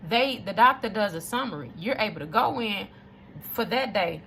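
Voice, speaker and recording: An emphatic woman, speaking straight to her viewers. Her voice is bright and forceful, with a gravelly fry, and a faint hiss of noise sits behind it. She drives her points home by repeating them. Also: medium pitch, expressive, normal speed. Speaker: storyteller addressing viewers. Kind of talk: casual testimony to camera.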